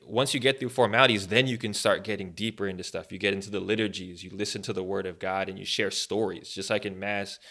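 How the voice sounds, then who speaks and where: Podcast co-host, male: low, gravelly, bright, loose and chatty. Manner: rambling, animated, many fillers. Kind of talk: casual faith chat.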